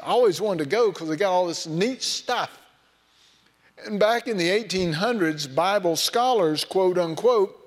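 A man preaching a sermon in a folksy, storytelling way, mixing scripture with personal anecdotes. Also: high voice. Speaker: pastor. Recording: long hall reverb.

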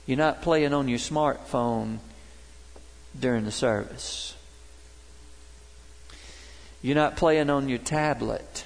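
A man's voice: medium pitch, slow pace, creaky, long pauses, in a large hall. A middle-aged man preaching a sermon to his congregation in a worship center, emphatic and folksy, telling stories to make his points. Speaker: pastor.

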